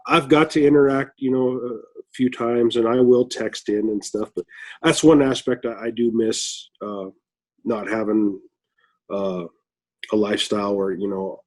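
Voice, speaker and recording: A middle-aged man from Flagstaff talking in a loose, rambling way, full of "you know" and "and stuff." His voice is husky and a little breathy. He chuckles now and then as he chats. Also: fairly low pitch, fairly even intonation, unhurried, darkish tone. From Flagstaff, Arizona. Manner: rambling, filler-heavy, chuckles often. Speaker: listener guest. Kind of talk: casual chat.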